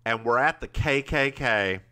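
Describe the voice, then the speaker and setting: A man co-hosting a podcast, retelling a TV episode in a chatty, animated way with quick asides. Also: mid-range voice. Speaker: podcast co-host. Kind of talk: casual recap chat.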